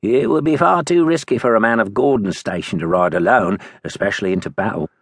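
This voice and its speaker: A male narrator voicing a doubtful Highland soldier who reasons things out. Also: fairly quick, breathy edge, no room sound, clean studio sound. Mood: reasoning. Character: skeptical Highland soldier man.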